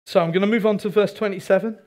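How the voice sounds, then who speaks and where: Male preacher, high voice, animated sermon delivery with congregation asides. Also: quick pace. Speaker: pastor.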